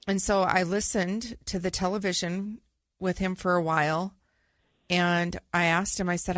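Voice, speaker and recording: Middle-aged female co-host with a lowish voice and a dry recording, telling her story earnestly and haltingly. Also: level tone, no echo. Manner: earnest, halting, with repeated restarts. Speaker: podcast co-host. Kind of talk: personal storytelling.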